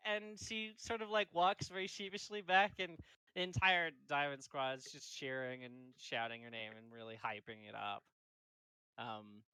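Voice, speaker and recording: A man's voice: fairly high pitch, sharp tone, clear, resonant tone, dry recording, poor audio. A man narrating as game master in a casual, rambling way with many fillers.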